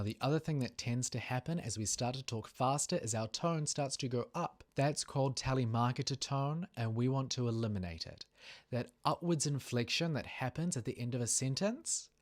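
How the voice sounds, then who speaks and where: A man with a New Zealand accent giving a sales training talk in a measured, deliberate and emphatic coaching manner. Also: medium pitch. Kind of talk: instructional talk to camera.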